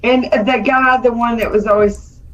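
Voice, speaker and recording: A woman chatting casually as a co-host, telling stories in an animated way. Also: fairly high pitch, moderate pace, a crowd in the background. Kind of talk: casual chat. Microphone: video call. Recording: dull lo-fi stream audio with faint noise.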